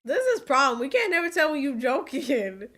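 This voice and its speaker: A woman with a fairly high voice gives casual reaction commentary on a movie. She talks in an excitable way and often exclaims in alarm or disbelief. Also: normal speed, slight background noise.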